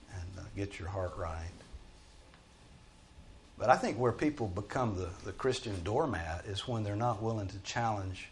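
A man's voice: lowish voice, slight background noise. A man teaching a Bible study group in a conversational, emphatic way, often restarting his sentences.

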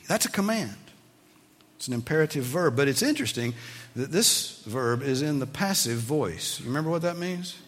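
This man preaches as a pastor, teaching with animation and pressing his congregation with emphatic questions. His voice sits at a medium pitch and carries the sound of a large room.

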